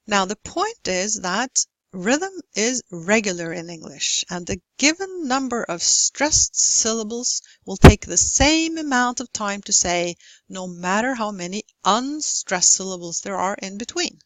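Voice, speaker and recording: A woman giving a university lecture on English pronunciation, slow and deliberate as she demonstrates stress and rhythm. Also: mid-range voice, animated, fairly bright tone, no echo, poor audio.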